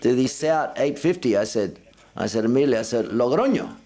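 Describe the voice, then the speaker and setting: At a film festival press conference, a man provides simultaneous interpretation, voicing each speaker in the first person and raising his voice for quoted lines. His medium-pitched voice is mellow and fast.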